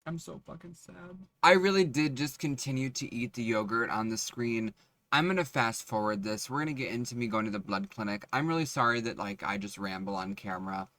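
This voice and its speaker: A man's voice: mid-range voice, brisk, dry recording. A depressed young man rambling in a self-deprecating, foul-mouthed confessional vlog from city streets. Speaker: vlogger. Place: city streets and bus stop outdoors. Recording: loud street traffic noise. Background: cars and city traffic.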